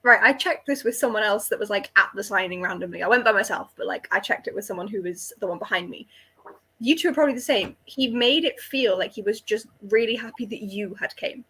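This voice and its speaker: A woman's voice: mid-range voice, fairly quick, pushed and bright, breathy edge. A young woman co-hosting a casual chat, telling stories in a rambling way full of fillers. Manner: rambling storyteller, lots of "like". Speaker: podcast co-host.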